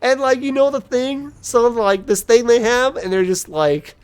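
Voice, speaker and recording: A man's voice: extremely high pitch, a little slow, few pauses, clean tone, faint music behind. A man giving casual, jokey, rambling commentary while playing a video game. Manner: rambling, animated, jokey storytelling. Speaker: let's play commentator.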